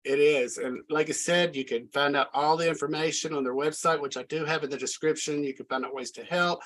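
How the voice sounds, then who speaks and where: A man's voice: a little high, steady tone, a little fast, fairly bright tone, rough recording. A man hosting a casual online interview, friendly and drawling, laughing easily. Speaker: talk show host.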